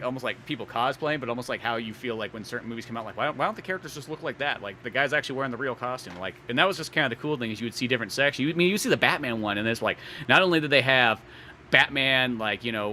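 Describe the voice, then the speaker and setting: A man's voice: mid-range voice, pushed and bright, slight background noise. A young man co-hosting a podcast, rambling casually with lots of fillers and sarcastic asides. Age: young adult. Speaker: podcast co-host. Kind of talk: casual chat.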